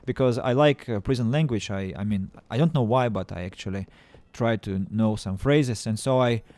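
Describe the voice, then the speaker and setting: Halting man streaming a game. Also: fairly low pitch, darkish tone, no room sound. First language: Russian. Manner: halting, stammering restarts, playful self-mocking. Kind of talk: casual game-stream chat.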